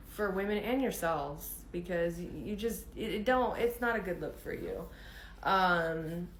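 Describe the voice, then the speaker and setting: A woman's voice: medium pitch, fairly bright tone, slight background noise. A woman frankly telling a dating story to her viewers in a chatty, casual way, laughing often and saying "like" and "um" a lot. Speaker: dating advice vlogger. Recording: roomy echoey room.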